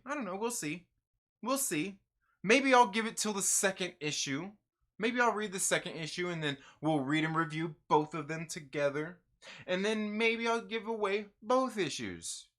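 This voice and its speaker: Rambling, profane man with a bright voice. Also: high voice. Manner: rambling, profane, laughs a lot. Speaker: comic book reviewer and live-stream host. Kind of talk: casual live-stream chat.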